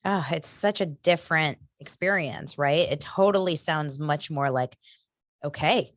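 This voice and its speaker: A woman's voice: deep voice, normal speed, no echo, clean studio sound. A woman hosting a podcast interview, enthusiastic and affirming toward her guest. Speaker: podcast host.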